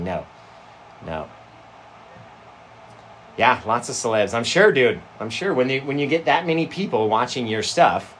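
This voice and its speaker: A man's voice: on the low side, a little hiss or hum. Rambling, jokey male stream host. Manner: rambling and jokey, trailing off into mumbles. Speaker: painting livestream host. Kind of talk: casual livestream chat.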